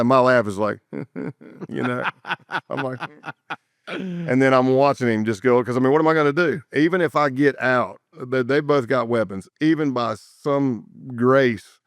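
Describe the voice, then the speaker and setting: A man's voice: mid-range voice, dry recording, clean studio sound. A man who was once an undercover agent tells his stories in a podcast interview, vividly and with sound effects and repeated words. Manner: vivid, animated storytelling with sound effects and repetitions.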